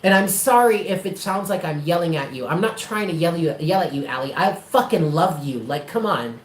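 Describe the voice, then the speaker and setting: A man's voice: a little high, lively intonation, moderate pace, reverberant, slight background noise, poor audio. A man giving a live tarot reading, talking in an emphatic, blunt and affectionate way and swearing often. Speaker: tarot reader.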